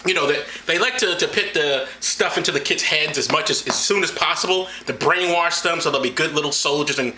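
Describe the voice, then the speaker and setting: A man's voice: on the high side, brisk, few pauses, bright, forceful tone. A man hosting a comedic video, reading the Bible aloud with mocking, rambling sarcasm. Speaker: vlog host. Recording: roomy echo.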